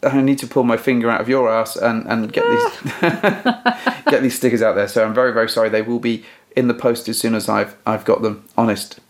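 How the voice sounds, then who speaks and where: A man's voice: medium pitch, animated, fairly quick, background noise. A man co-hosting a podcast, chatting casually in a joking, teasing way and often restarting his sentences. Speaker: podcast co-host. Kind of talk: casual chat.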